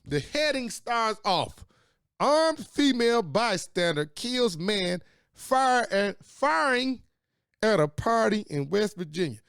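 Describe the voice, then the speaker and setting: A man's voice: sits high, big pitch swings, slow, gravelly, a bit bright, clear, resonant tone, no room sound, studio quality. A man in his late forties hosting his own talk show, delivering an angry, profane, preachy monologue. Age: late 40s. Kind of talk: impassioned monologue.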